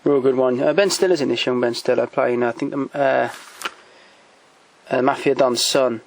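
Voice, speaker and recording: A man speaks at an everyday middle pitch, thinking aloud as he goes, with frequent ums and restarts. He is off-the-cuff and keen, recorded at home beside a shelf. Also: fairly even intonation, normal speed, vocal fry, low-quality recording. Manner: hesitant, many ums and restarts, enthusiastic recommendations. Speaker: collector showing DVDs. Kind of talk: casual off-the-cuff commentary.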